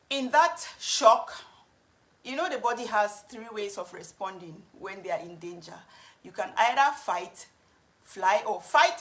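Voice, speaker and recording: A woman's voice: mid-range voice, fairly bright tone. A woman telling a personal story to camera, earnest and frank. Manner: earnest, frank, with some restarts. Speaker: vlogger.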